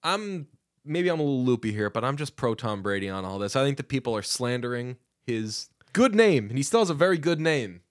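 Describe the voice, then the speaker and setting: A man's voice: mid-range voice, big pitch swings, brisk, no echo. Joking chatty man, dry sound. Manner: chatty, joking, reads quotes aloud. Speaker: podcast co-host. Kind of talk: casual chat.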